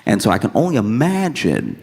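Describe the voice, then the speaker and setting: A male stand-up comedian telling a story in an animated way, laughing as he acts out scenes. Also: lowish voice, brisk, creaky, slight background noise.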